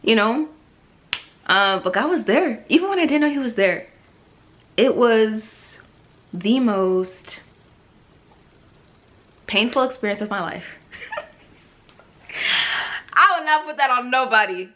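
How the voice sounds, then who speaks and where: Young female vlogger, casual testimony, lively swinging pitch, chatty and heartfelt, frequent laughs. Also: slow pace, pauses often. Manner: emotional, rambling, laughs often, many fillers. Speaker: vlogger sharing her faith testimony.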